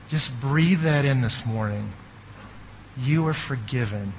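A man preaching a sermon as a pastor, telling an animated story with asides to the audience. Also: medium pitch, slow pace, a little hiss or hum, low-quality recording.

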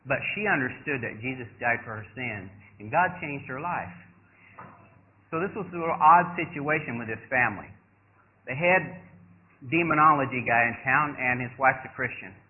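A man's voice: medium pitch, moderate pace. An older man tells a story from the pulpit and voices each person in the dialogue, rising sharply for the surprised parts. The audio is thin and tinny, close to a phone line, with a faint hiss underneath. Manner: animated storyteller acting out dialogue. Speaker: preacher. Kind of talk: sermon storytelling.

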